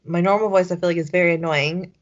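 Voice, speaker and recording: A woman's voice: lowish voice, fairly even intonation, fast. A young woman co-hosting a podcast in casual chat, rambling with constant fillers and casual swearing. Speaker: podcast co-host. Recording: dull lo-fi podcast audio.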